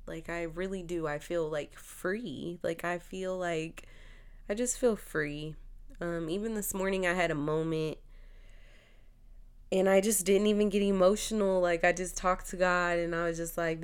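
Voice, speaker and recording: Chatty heartfelt woman podcaster, smooth voice. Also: on the low side, steady tone, unhurried. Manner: chatty, heartfelt, full of fillers. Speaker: podcast host. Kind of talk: casual podcast monologue.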